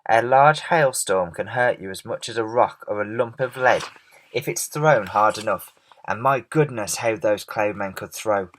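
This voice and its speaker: A man reading a children's storybook aloud in an expressive, measured way. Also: lowish voice.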